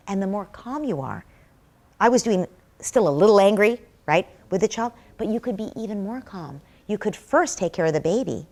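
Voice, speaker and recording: A woman's voice: on the low side, a little mellow. A middle-aged woman answering interview questions as a parenting expert, speaking earnestly and walking through everyday examples. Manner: earnest, explains by acting out example dialogues. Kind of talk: interview answer, conversational advice.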